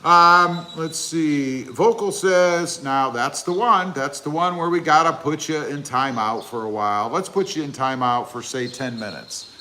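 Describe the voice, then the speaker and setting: A man's voice: a little high, measured pace, hardly any pauses, sharp tone, a little hiss or hum. A man hosting a casual livestream outdoors, reading chat comments aloud in a rambling, joking way with lots of fillers. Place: outdoors by his truck.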